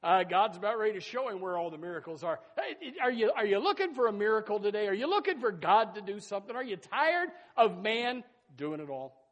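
High-voiced man preaching with emphatic swings. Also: big pitch swings, fairly quick, lo-fi sound. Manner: emphatic preaching, swinging between loud and soft, with repeated phrases; folksy, addresses listeners as folks and says amen. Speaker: pastor. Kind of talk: sermon.

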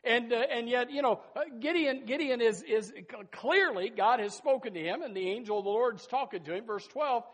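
Man, pastor, high voice, emphatic sermon, folksy, loud and soft swings, repeats phrases. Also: brisk, few pauses. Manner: folksy, addresses listeners as folks and says amen.

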